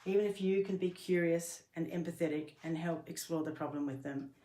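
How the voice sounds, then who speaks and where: A woman's voice: on the low side, brisk, dark tone. A middle-aged woman, a workplace trainer, giving an earnest instructional talk and explaining things step by step, sometimes restarting her sentences. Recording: roomy echo.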